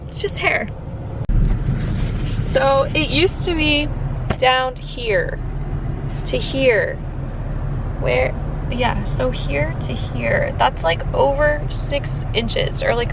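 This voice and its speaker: A woman's voice: high-pitched, background noise. Tearful young woman vlogging from her car. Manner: rambling, emotional, frequent "like" fillers. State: close to tears. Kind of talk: casual vlog talk to camera.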